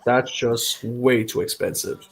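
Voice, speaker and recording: A man's voice: medium pitch, level tone, slow. A man as a guest in a casual chat on a call, laid-back and chiming in briefly.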